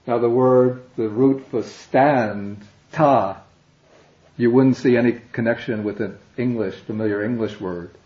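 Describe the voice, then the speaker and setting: A man teaching a language class, explaining slowly and patiently, step by step. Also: medium pitch, steady tone. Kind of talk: classroom lecture. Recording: dull, echoey classroom recording.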